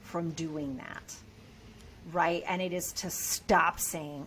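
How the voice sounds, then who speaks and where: A woman talking as a podcast guest, emphatic and animated, swearing freely. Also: low voice, takes it slowly, a little hiss or hum. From United States. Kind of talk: casual podcast conversation.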